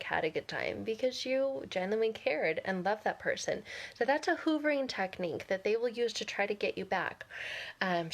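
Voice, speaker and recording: A woman vlogger talks straight to camera in a casual, candid way. She is blunt and sarcastic and laughs often. Her voice sits at a middle pitch.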